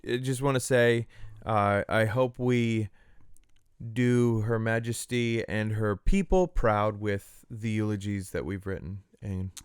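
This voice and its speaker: A man co-hosting a comedy podcast, chatting casually and cracking deadpan, mock-solemn jokes. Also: on the low side, slow, clean tone, dry recording, clean studio sound. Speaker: podcast co-host.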